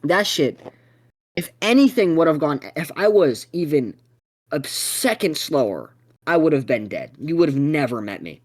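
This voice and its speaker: A young man hosting a podcast, telling a story in a profane, excitable way. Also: on the high side, moderate pace. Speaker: podcast host.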